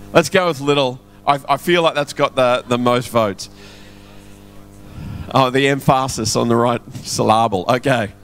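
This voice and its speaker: A man preaching a sermon in a church, chatty and quizzing the congregation. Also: mid-range voice. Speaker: pastor. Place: church hall. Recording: soft music behind.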